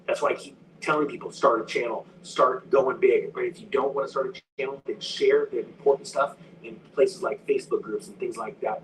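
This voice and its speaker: A man commenting online in an urgent, warning tone, reading out news with fillers. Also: mid-range voice. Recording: distant clip with faint background noise.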